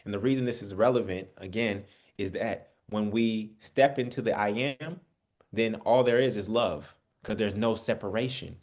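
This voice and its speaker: A man's voice: on the low side, normal speed, darkish tone. A man teaching a Bible study. He talks in a conversational preaching style, calls his listeners family and asks them rhetorical questions. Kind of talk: spiritual teaching. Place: online Bible study session.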